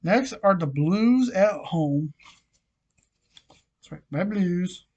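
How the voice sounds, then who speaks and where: Speaking slowly but with animation, this hockey vlogger has a medium-pitched, slightly mellow voice, and the audio sounds dull. A frog in his throat and a nagging cough accompany his casual, filler-heavy run through scores, odds and picks.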